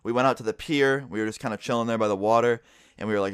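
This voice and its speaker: A man's voice: mid-range voice, racing, clean tone, no echo, clean studio sound. A young man vlogging and streaming, telling a story in a casual way and swearing constantly. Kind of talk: storytime vlog.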